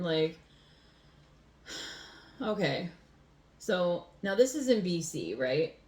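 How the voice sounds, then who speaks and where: A woman's voice: mid-range voice, animated, takes it slowly, long pauses. A woman from the USA co-hosting a casual home podcast, rambling with lots of fillers and laughing easily. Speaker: podcast co-host. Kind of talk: casual chat. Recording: roomy home recording.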